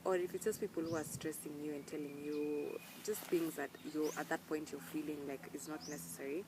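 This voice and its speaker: A young woman talking earnestly to camera, emphatic and animated when she quotes people. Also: low voice, fairly quick, background noise. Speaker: vlogger. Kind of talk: casual personal talk to camera.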